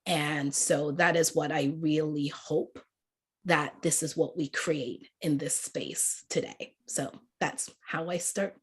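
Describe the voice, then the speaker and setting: A woman with a mixed English, Canadian and Jamaican accent, giving an animated motivational talk on a video call. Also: deep voice, slow pace, slightly rough. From born in England, raised in Canada. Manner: warm, laughing, animated, quotes people in lively voices. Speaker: guest speaker, life coach.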